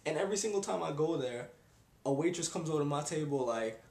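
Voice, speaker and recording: A man's voice: on the high side, lively intonation, fast, vocal fry, darkish tone. Exasperated young New man ranting. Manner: exasperated, sighing, slangy. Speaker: vlogger. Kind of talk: casual rant. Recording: echoey room.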